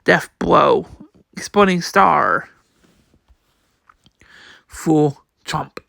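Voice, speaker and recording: A man's voice: on the high side, slow pace, gravelly, bright, forceful tone, no echo, studio quality. A man reading a manga aloud, voicing every part and the sound effects, often stumbling and repeating words. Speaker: comic reader.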